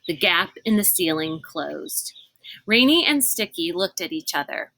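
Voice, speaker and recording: Female narrator reading a children's novel aloud; expressive, bright forward tone. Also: on the low side, measured pace, no room sound, low-quality recording. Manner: expressive, changes voice for characters.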